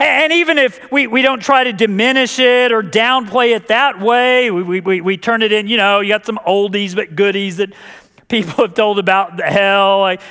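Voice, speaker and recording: Man, pastor, sermon, high voice, jokey, stumbles and restarts, long hall reverb. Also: sharp tone, smooth. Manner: jokey, with repeated words and restarts.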